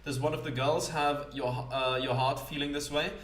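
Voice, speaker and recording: A man's voice: fairly high pitch, steady tone, normal speed, fairly bright tone, natural voice. A man reading lines for a curious young woman character in his own voice, polite and a bit hesitant. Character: poised young woman, courtesan narrator, curious. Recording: roomy sound, distant mic.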